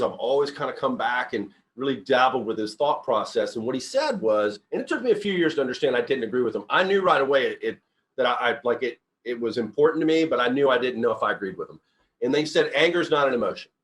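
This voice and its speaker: A middle-aged company CEO gives an informal motivational talk, rambling earnestly through personal stories and restarting often. His voice is mid-range with a fairly bright tone.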